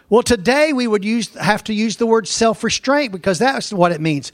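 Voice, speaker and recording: A man pastor preaching a sermon, telling folksy stories and slowing down to read scripture verse by verse. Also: high-pitched, expressive, dry recording.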